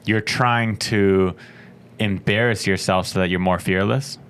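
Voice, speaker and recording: Male podcast host, very low voice, relaxed and teasing. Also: a little slow, clean tone. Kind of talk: casual chat.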